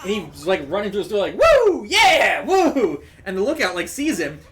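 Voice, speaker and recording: A man co-hosting a game stream, telling stories animatedly and acting out the people in them loudly. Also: sits high, quick pace. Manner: animated anecdote teller who acts out people loudly. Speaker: streamer co-host. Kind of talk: casual chat while streaming a game.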